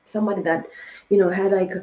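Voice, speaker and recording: A woman's voice: mid-range voice, fairly even intonation, quick pace, mellow, a little hiss or hum. A woman giving a tarot card reading in a casual, rambling monologue, talking emphatically and often swearing. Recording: roomy echo.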